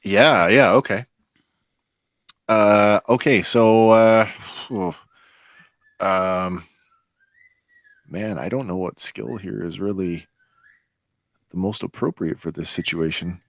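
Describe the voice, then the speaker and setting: A man's voice: fairly low pitch, slow, vocal fry, long pauses, dry recording. A man at a tabletop game talks through his choices, hesitant and full of uhs. The recording is dry and close, with no room sound. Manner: hesitant, thinks aloud with many uhs. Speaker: player. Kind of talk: casual tabletop play.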